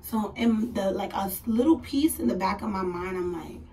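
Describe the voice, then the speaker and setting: A young woman vlogging, telling a story in a chatty, animated way, dropping to whispers and rising to laughing squeals as she acts out what people said. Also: mid-range voice, normal speed. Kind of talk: casual storytelling. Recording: a little distant from the mic, faint room noise.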